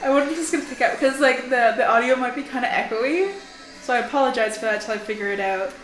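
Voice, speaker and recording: A woman's voice: on the high side, fast talker, a bit bright. A young woman from Canada chatting casually while gaming, rambling and giggling, with lots of "like.". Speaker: co-host. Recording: echoey room. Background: game music.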